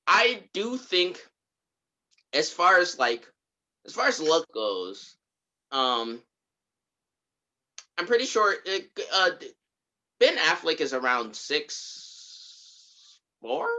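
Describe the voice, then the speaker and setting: A man's voice: high voice, very animated, very slow, long pauses, bright, forceful tone. A man co-hosting a podcast, asking questions in casual chat and laughing easily. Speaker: podcast co-host.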